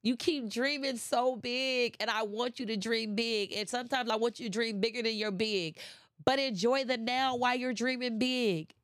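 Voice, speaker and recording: God, patient and coaxing, played by a woman, slightly raised pitch. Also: fairly even intonation, normal speed, fairly bright tone, no echo, studio quality, natural voice. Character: God, a gentle encouraging male voice.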